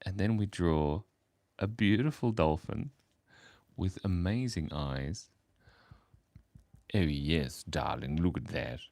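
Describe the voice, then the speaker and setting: A man hosts a relaxed drawing stream, joking and laughing as he reads messages from chat. His voice sits on the low side but swings widely up and down. The sound is close and dry, with almost no room in it. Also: takes it slowly, pauses often, dry recording. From Australia. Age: 40s. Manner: goofy, rambling, reads chat aloud, laughs often. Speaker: livestream drawing host. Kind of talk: casual chat while drawing. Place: home, early morning.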